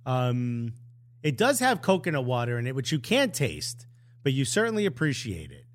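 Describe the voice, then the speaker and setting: A man co-hosting a casual podcast, talking in an animated, joking way and laughing often. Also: mid-range voice, moderate pace. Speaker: podcast co-host.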